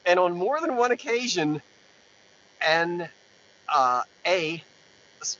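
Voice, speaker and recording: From the driver's seat of his parked truck, an antiques-selling streamer addresses viewers through a mounted camera in a rambling, playful way, constantly interrupting himself. His voice sits high and sounds expressive, bright and forceful, moving a little slowly. Expect dull lo-fi audio with a faint hum.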